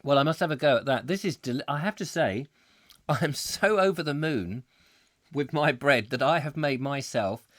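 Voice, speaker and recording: Hosting a live call-in chat show, a man with a medium-pitched voice at normal speed rambles, jokes, and laughs often with callers, animated throughout. He's recovering from a cough and coughs slightly. The studio sound is clean, without room sound.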